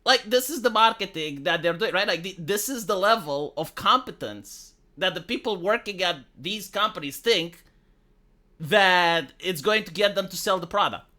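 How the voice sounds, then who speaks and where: A sarcastic man rants through his commentary in a high, lively voice that rises and falls a lot. His tone is bright and sharp, and his language is crude. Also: normal speed. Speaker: commentary vlogger. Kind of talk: opinion commentary rant.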